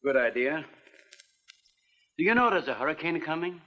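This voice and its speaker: A man's voice: a little high, lively intonation, normal speed, sharp tone, in a large hall, slight background noise. A middle-aged actor playing an earnest older scientist and father in a 1950s film, formal and explanatory in manner. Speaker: scientist running an island lab.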